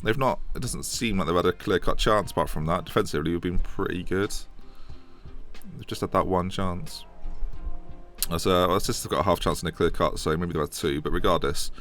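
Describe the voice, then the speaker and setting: Hoarse low-voiced streamer. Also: male voice, brisk, a bit bright, faint music behind. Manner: chatty, rambling, restarts and self-corrections. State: hoarse from a chest infection. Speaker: gaming streamer. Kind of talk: live game stream commentary with chat Q&A. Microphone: desk microphone.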